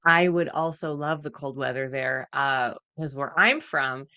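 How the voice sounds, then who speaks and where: A woman's voice: rumbling low, measured pace, bright, forceful tone, clear, resonant tone. A Canadian woman hosting a podcast, chatting casually with lots of fillers and laughs. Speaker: podcast host. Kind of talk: casual chat.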